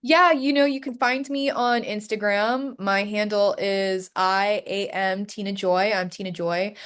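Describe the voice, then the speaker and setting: A woman's voice: mid-range voice, a little slow, clear, resonant tone. Earnest woman guest telling a story. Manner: earnest, animated storyteller who acts out quoted voices. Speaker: matchmaker, podcast guest. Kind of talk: casual interview chat.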